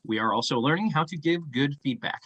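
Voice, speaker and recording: A man's voice: on the high side, fairly quick, a bit bright, husky, lo-fi sound. Upbeat man hosting a comedy stream. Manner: upbeat, playful, announcing. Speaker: show host.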